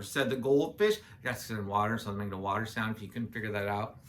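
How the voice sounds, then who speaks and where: A woman's voice: rumbling low, very animated, normal speed. A woman reading a children's picture book aloud, adding playful, chatty asides to young listeners. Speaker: children's story reader.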